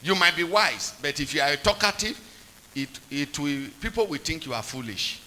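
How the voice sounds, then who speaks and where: A man's voice: on the high side, expressive, normal speed, bright, forceful tone, slight background noise, poor audio. A man preaching a sermon, repeating points and quizzing the congregation with call-and-response questions.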